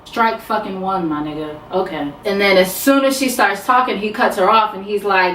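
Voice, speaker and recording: Woman vlogger, mid pitch, unfiltered and lively; roomy, distant recording, soft music underneath. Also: moderate pace, a little hiss or hum. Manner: profane, animated, talks back to characters. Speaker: TV recap vlogger. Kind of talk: casual recap with quoted voices. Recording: roomy sound, away from mic.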